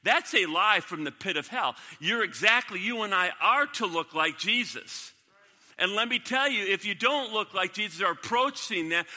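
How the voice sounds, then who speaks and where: A man's voice: high-pitched, lively intonation, normal speed, bright, forceful tone. A male pastor preaching a sermon in a church, emphatic, repeating key lines and putting questions to the congregation. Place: church sanctuary. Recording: long reverb of a large hall.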